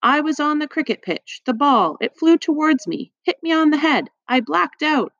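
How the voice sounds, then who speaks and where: A woman's voice: high voice, animated, moderate pace, a bit bright, dry recording, highs cut off, pitched above the performer's own voice. A woman voicing a dazed young boy coming round in an audiobook, mumbling.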